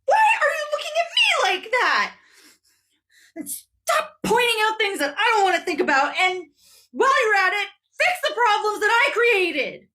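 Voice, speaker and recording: A woman's voice: extremely high pitch, big pitch swings, moderate pace, heavily acted. A woman doing a whiny, bossy male leader. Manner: demanding, shouty, childish. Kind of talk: comedy sketch.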